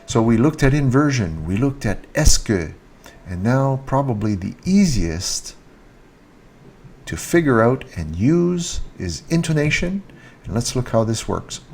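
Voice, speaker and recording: Slow, lively-voiced male teacher. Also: breathy edge. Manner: repeats example sentences, rising pitch on question words. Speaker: French teacher. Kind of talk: video lesson explaining grammar.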